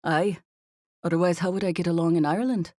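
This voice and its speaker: A woman voicing a playful, confident young man who jokes around in a relaxed, teasing way, in a slightly lower version of her own voice. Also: normal speed, no room sound, clean studio sound, lightly acted. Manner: teasing, relaxed, self-assured.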